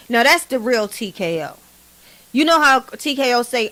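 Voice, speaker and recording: A woman giving blunt, animated gossip commentary as a vlog host. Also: fairly high pitch, normal speed. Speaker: commentary vlogger.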